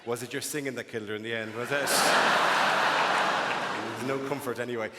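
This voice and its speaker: A man's voice: mid-range voice, fairly even intonation, brisk, heavy background noise. A middle-aged Irish man doing a stand-up comedy set, wry and cynical, telling stories and slipping into voices. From Ireland. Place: large theatre with audience. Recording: live theatre with long reverb and audience.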